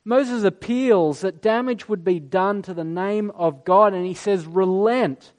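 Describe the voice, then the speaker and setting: A man delivers a sermon in a notably high voice. He tells the story with animation and slips into the voices of the figures he quotes. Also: measured pace, a little mellow. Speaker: preacher.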